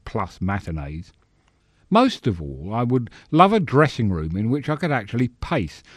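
Male storyteller, low voice, measured and sardonic. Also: dry recording. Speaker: narrator. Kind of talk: scripted narration.

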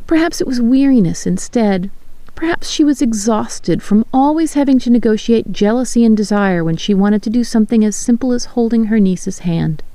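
A woman reading a story aloud in the first person, in a measured, expressive way. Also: a little high, dry recording. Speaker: narrator.

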